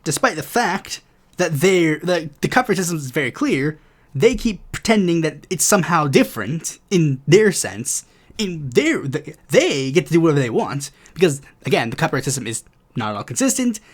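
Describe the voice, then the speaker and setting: Animated, ranting male political podcaster. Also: a little high, normal speed. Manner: ranting, profane, sarcastic. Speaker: podcast host. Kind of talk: casual political commentary.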